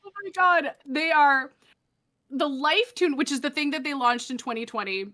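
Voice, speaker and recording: Bright-voiced sarcastic woman co-host. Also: high voice, moderate pace. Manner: sarcastic, swearing, laughing mid-sentence. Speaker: podcast co-host. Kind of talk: casual comedic chat.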